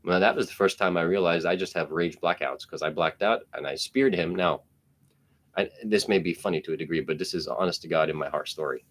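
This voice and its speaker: A man's voice: low-pitched, fairly quick, fairly bright tone. A man in his thirties from New Jersey, telling a profane, blunt story in casual chat.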